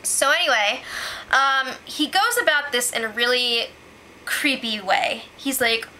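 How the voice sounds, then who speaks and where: A woman's voice: high-pitched, measured pace, pushed and bright, slight background noise. A woman recapping a reality show in a casual vlog, chatty and opinionated, saying "like" a lot. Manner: chatty and opinionated, heavy use of "like".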